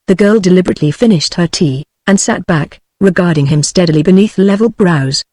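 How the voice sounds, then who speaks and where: A text-to-speech British English female voice narrating an audiobook in an even, steady synthetic manner. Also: on the low side, brisk, dry recording.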